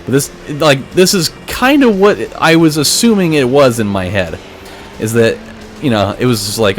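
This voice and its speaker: A man's voice: mid-range voice, animated, normal speed, slight background noise. Rambling young man telling a story. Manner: rambling, many restarts, swears freely. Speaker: let's play host. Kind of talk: casual gameplay commentary, telling a dream.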